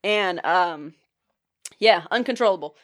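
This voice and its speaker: A young woman in casual chat as a podcast co-host, telling an animated story, swearing casually and laughing often. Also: fairly low pitch, takes it slowly.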